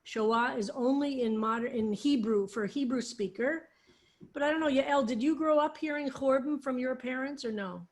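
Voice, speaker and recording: A woman's voice: high-pitched, normal speed. A woman rabbi teaching a psalm study over a video call, patiently explaining Hebrew words. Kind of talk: online Hebrew text lesson.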